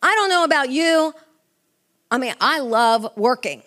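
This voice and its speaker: A woman's voice: high-pitched, animated, measured pace, a bit bright. A middle-aged woman preaching a sermon with fervor, asking the congregation questions. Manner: fervent, asks the congregation questions.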